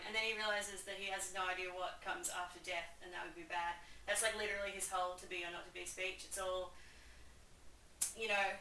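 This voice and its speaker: A woman's voice: mid-range voice, steady tone, a little fast, bright, forceful tone, roomy sound, far from the mic, a little hiss or hum, rough recording. A young woman hosting a video, giving an enthusiastic, sarcastic, chatty summary. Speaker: video host. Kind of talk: casual comedic summary.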